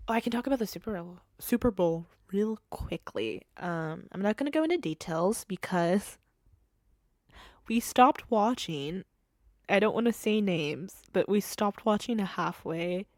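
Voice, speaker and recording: A woman's voice: medium pitch, expressive, a little slow, a little mellow, no echo, studio quality. A woman hosting a casual solo podcast from home, rambling and giggling with self-deprecating asides. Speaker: podcast host. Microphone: podcast microphone.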